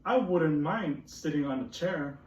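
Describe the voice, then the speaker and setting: A man reading the lines of a fussy frog from a picture book, slowly and deliberately. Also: a little high, expressive, a little mellow, highs cut off. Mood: complaining. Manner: slow, deliberate read-aloud. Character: fussy frog who hates sitting on logs. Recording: roomy, distant, faint noise.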